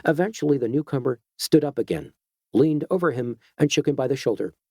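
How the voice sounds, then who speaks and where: This is scripted audiobook narration by a man with a mid-range voice, delivered in an even, measured storytelling manner. The studio sound is clean and dry.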